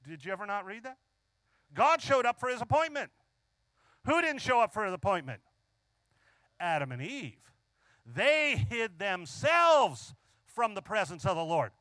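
A man preaching a sermon, emphatic, drawing out key phrases slowly and asking the congregation frequent questions. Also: high voice, big pitch swings, bright, forceful tone, no room sound.

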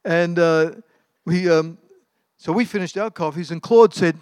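This middle-aged preacher talks unhurriedly in a voice on the high side, a little mellow and clean, recorded with no room sound. His sermon comes across as casual storytelling, rambling through anecdotes with frequent ums and restarts.

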